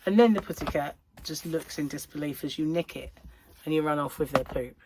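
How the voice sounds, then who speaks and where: A woman's voice: deep voice, fairly quick, a little hiss or hum. A middle-aged woman, chatting casually and rambling as a crochet vlogger, full of giggly asides. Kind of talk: casual chat.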